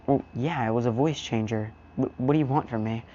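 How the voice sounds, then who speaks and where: A man's voice: medium pitch, fairly quick, warm tone, highs cut off, slight background noise, lightly acted. A man voicing a cool, unbothered young male mercenary in a laid-back, matter-of-fact way. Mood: deadpan.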